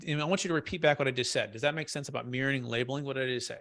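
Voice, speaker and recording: A man coaching a trainee on a practice cold call, energetic and emphatic, checking in often with "right?". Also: a little high, very fast, hardly any pauses. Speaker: sales trainer.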